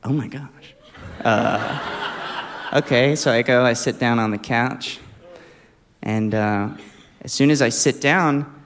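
A man from Alabama telling a personal anecdote in a casual, animated way, often breaking into laughter. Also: mid-range voice, slow pace, pauses often, slight background noise. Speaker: storyteller.

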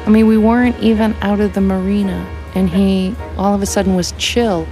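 A woman narrating a radio story in a relaxed storytelling manner. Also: medium pitch, a little fast, soft background music. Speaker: reporter, narrator. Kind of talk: scripted narration.

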